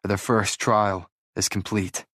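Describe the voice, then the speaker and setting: A man with a fairly low voice narrates an audiobook in the first person. His reading is dramatic and urgent, and he voices the dialogue with feeling. The sound is dry and close. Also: little pitch movement, takes it slowly, fairly bright tone, no room sound.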